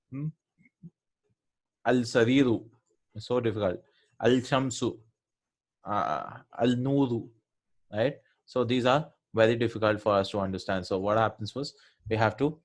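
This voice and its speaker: A man of middle pitch teaches a revision lesson on Arabic letters. He explains step by step in a patient classroom manner and keeps checking in with his students as he goes. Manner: explanatory, checks in with "right?" often.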